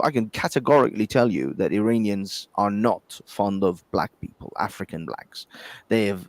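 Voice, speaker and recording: A man co-hosting a casual podcast in a mid-pitched voice. He talks bluntly and matter-of-factly about his views. The sound is dry, with no room echo. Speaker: podcast co-host.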